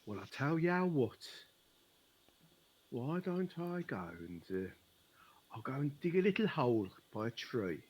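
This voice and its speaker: Brief: a man voicing a genial gentleman spy, lively sing-song delivery, fond and teasing, tabletop improv. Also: mid-range voice, a little slow, long pauses, slightly rough, dull audio. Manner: genial, teasing, calls his wife 'my love'. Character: gentleman spy Cecil, fond and unflappable husband. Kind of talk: improvised tabletop role-play.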